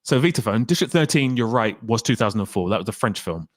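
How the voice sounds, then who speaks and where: A man hosting a casual live stream, reading out viewer comments in a lively, excitable way and swearing freely. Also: on the low side, quick pace, no echo, studio quality.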